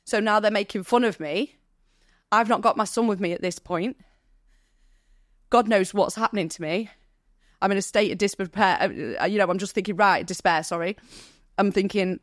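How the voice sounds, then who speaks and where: A woman's voice: mid-range voice, fairly quick, dry recording, studio quality. Tearful woman telling her story. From Manchester, England. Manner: rambling, apologetic, lively. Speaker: podcast guest. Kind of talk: personal storytelling in a podcast interview.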